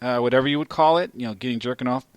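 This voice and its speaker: A man hosting a podcast, telling a story in a casual, profane and animated way. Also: mid-range voice, rapid-fire, clear, resonant tone, dry recording. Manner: profane, animated storyteller who gets loud at climaxes. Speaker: podcast host.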